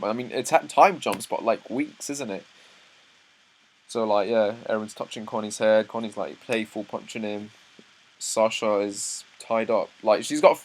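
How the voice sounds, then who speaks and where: Young male reactor with a low voice who reads panels aloud and trips over words. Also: slight background noise, poor audio. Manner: reads dialogue aloud, breaks off into excited asides, stumbles and restarts. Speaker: manga reaction host. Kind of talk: live reaction read-through.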